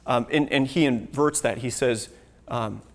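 Pastor type, man, earnest teaching sermon, mid-pitched, long hall reverb. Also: measured pace. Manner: earnest, teaching, reads scripture aloud.

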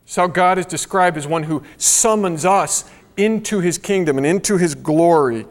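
Earnest man preaching in a reverberant hall. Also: high-pitched. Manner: earnest, emphatic, slowing to stress key phrases. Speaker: pastor. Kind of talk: sermon.

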